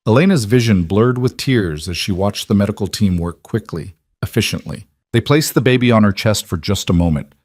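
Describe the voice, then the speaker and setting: A man reading a dramatic story as scripted narration, in an even, measured way. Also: fairly low pitch, no room sound, clean studio sound.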